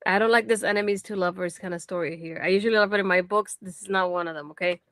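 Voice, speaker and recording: A woman's voice: mid-range voice, steady tone, fast talker, fairly bright tone, dry recording. A woman co-hosting a casual wrestling post-show, blunt and sarcastic in her opinions. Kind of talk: casual chat.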